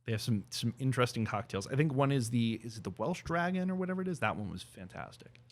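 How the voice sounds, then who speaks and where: A man's voice: mid-range voice, animated, fast talker. A man co-hosting a podcast in easygoing casual chat, often stopping to search for words. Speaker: podcast co-host.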